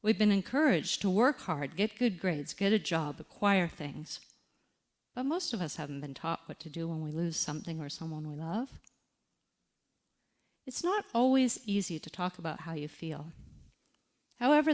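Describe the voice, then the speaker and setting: A woman speaks slowly and deliberately in a reflective talk, guiding her listeners through a quiet exercise. Her voice sits a little low but rises and falls with lively expression. She leaves pauses between phrases. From Canada. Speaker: speaker on grief.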